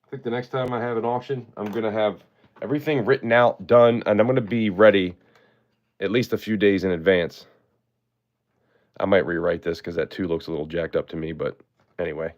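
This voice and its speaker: A man's voice: on the low side, steady tone, a little fast, highs cut off. A man hosting a live-stream auction, chatting in a laid-back way and thanking his viewers often.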